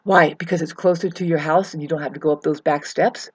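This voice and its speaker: A woman venting in a ranting monologue, profane and agitated, swinging from loud scolding to hushed asides and stumbling over her restarts. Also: deep voice, steady tone, fast, slightly rough. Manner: stammering restarts. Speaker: vlogger.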